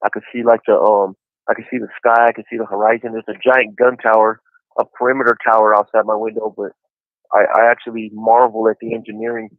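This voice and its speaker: This man's voice sits on the low side, flat and fast, as he calls in to a podcast from prison in his forties. He chats casually and tells his story in an easygoing manner, saying "you know" a lot. A phone handset carries the tinny prison line, with no echo.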